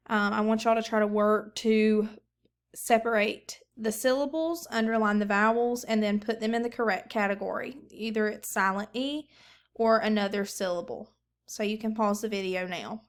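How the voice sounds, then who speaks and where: A young woman teaching a recorded phonics lesson to children, sounding out syllables patiently. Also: on the high side.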